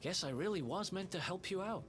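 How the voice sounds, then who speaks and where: A man's voice: sits high, animated, a little fast, a bit bright, a little hiss or hum. A man voicing a cocky, street-smart young male thief with a loose New York-like accent and a breezy, teasing manner. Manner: breezy, self-assured, teasing.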